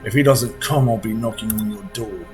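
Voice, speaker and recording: A man doing a gruff, threatening innkeeper. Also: on the low side, moderate pace, soft background music, natural voice. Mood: stern. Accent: British. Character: stern male innkeeper, suspicious and threatening.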